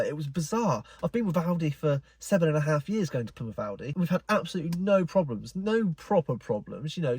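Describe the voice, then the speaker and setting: A man's voice: fairly high pitch, a little mellow, husky, no echo. A young man telling a frustrated story to camera, incredulous and rambling. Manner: exasperated, incredulous, rambling with many "like"s. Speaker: car enthusiast vlogger. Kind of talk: casual storytelling rant.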